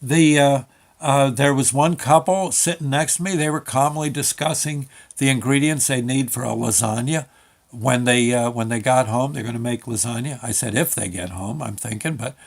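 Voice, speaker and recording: An older man telling a rambling comic story about a visit to the motor vehicle office, with halting restarts. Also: medium pitch, creaky. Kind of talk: comic monologue with quoted dialogue.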